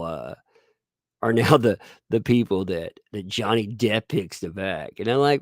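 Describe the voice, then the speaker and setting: A man's voice: lowish voice, lively intonation, normal speed, dry recording, clean studio sound. A man giving rambling, sarcastic live-stream commentary, joking and laughing as he talks. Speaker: livestream commentator.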